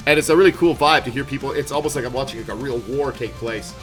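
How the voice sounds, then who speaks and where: A man chatting casually on a live game stream, upbeat and rambling, laughing often. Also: medium pitch. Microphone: headset. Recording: background music playing loudly. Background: music.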